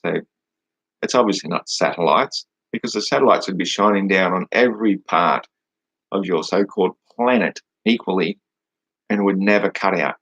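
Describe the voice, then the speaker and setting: A man's voice: low voice, moderate pace, fairly bright tone, slightly rough, no room sound, low-quality recording. A man hosting a casual livestream, answering chat questions in a mocking, dismissive way and swearing now and then.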